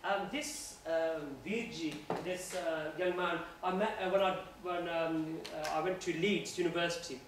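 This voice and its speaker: Earnest male guest speaker, fairly high voice, informal religious talk, distant mic in a boomy room. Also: fairly even intonation, unhurried, few pauses. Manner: earnest, conversational. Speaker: guest speaker at a university society. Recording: echoey room, voice from afar, faint noise.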